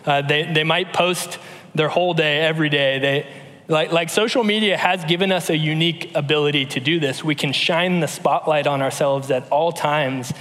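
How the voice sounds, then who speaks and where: A man in his thirties giving a conversational sermon, telling stories in a relaxed way with frequent fillers and restarts. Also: fairly high pitch, normal speed. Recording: long hall reverb.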